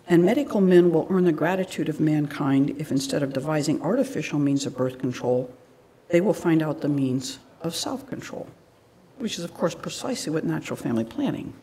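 A woman's voice: sits low, dark tone, husky. A woman giving a public lecture, telling stories in a conversational way with frequent asides.

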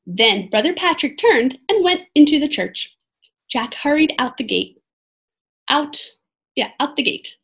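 A woman reading a children's chapter book aloud, dramatic and lively, who stops for chatty asides about the story. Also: on the high side, moderate pace, vocal fry. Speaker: reader.

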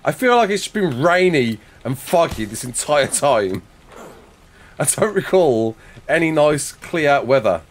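Speaking at a measured pace with big pitch swings, this young English gamer has a fairly high voice. He's live-streaming a game with a desk mic and face cam, chatting casually and reading out viewers' comments as he responds to them.

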